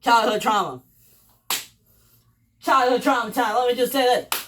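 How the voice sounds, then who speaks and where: Talking briskly in a medium-pitched, fairly bright voice with fairly even intonation, a storyteller tells rambling, profane stories, repeating phrases and saying "bro" to the listener. The voice is a bit distant from the mic, with slight background noise.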